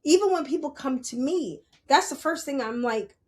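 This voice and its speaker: A woman podcast host telling a personal story in a candid, animated way, swearing freely and acting out her own reactions. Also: high voice, normal speed.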